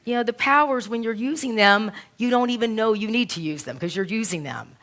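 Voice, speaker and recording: A woman's voice: fairly high pitch, animated, fairly quick, a bit bright. A woman minister preaches to her congregation, weaving a personal story into the sermon. Her delivery is earnest and emotional, and she retells other people's words in her own voice. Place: church.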